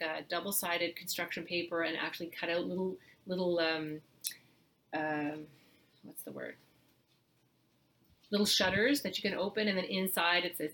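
A middle-aged woman hosting a parenting podcast, giving casual, earnest advice and acting out what parents might say. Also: lowish voice. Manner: earnest, animated when acting out parents' words.

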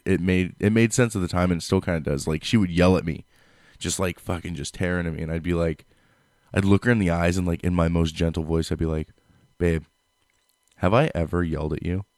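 A man's voice: low-pitched, dry recording, studio quality. A male podcast host chatting casually, joking and swearing a lot as he rambles through stories. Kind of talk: casual crude chat.

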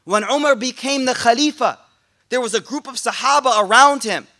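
A man giving a lively, joking sermon to a class, speaking in casual slang. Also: extremely high pitch, normal speed. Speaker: sheikh giving a talk. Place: room with a listening audience.

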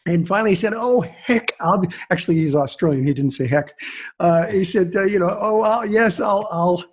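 A middle-aged man as a guest author in a podcast interview, telling stories in an animated way with quick restarts. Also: sits high, breathy edge.

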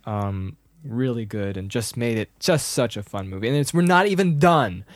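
A man in a casual movie commentary chat, animated, humming the score and acting out bits of dialogue. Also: medium pitch, moderate pace, no echo, clean studio sound. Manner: animated, hums movie music and acts out lines.

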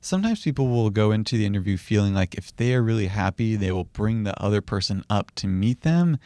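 A young man with a lower voice speaks in an easy, conversational teaching tone. He explains patient-interview tips calmly and acts out gentle example phrases as he goes. The recording is dry and close. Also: brisk, no echo. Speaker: psychiatry educator.

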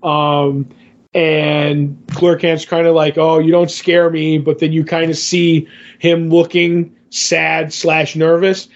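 A man's voice: fairly high pitch, little pitch movement, slow, muffled recording. A man co-hosting a podcast, chatting casually about comics and rambling through fillers and restarts. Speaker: podcast co-host. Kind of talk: casual comic book discussion.

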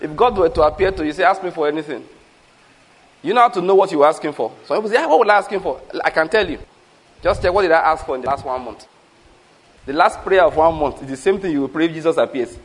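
A man with a Nigerian accent preaching a sermon, animated and repetitive with humorous asides. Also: fairly high pitch, fast talker, poor audio.

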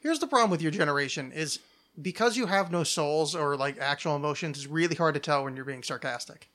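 Bright-voiced self-mocking man host. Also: a little high, fairly quick. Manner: rambling, self-mocking, jokey. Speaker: podcast host. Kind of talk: casual chat.

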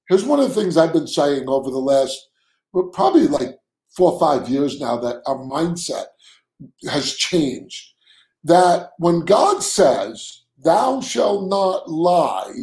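A man's voice: on the high side, a little mellow, echoey room, rough recording. A man co-hosting a casual podcast chat, talking earnestly and often repeating words as he starts a sentence. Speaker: co-host.

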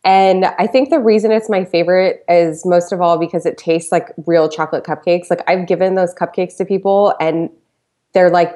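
Chatty woman, low-pitched voice. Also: steady tone, fairly quick, a little mellow. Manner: chatty storyteller, lots of "like". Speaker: podcast guest, food blogger. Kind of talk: casual chat.

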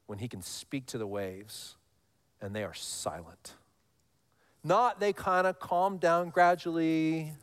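Animated male pastor preaching a sermon. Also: fairly high pitch, slow pace, clean tone.

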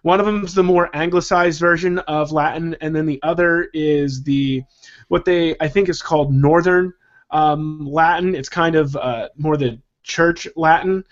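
A man's voice: a little high, fairly even intonation, measured pace. A man on a podcast, explaining things in a precise, lecturing way, in a dull, muffled recording. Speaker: podcast guest.

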